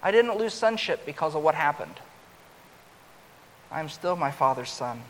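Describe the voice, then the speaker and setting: A man preaching a sermon, growing louder and higher as he acts out the older son's complaint. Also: sing-song, a little slow. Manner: rises loud and high when acting out the older son's complaint. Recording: long hall reverb with faint hiss.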